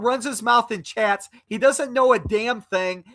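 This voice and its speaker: With an extremely high-pitched, slightly bright voice, a man on a live video call angrily insults a troll again and again in a heated argument. He's a stream guest who speaks unhurriedly, barely pausing.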